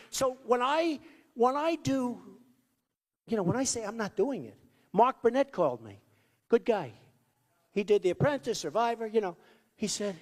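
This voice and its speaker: A presidential candidate with a high-sitting, darkish male voice gives a boastful, wandering rally speech in a school hall, repeating himself and voicing the people he quotes. The recording carries long hall reverb.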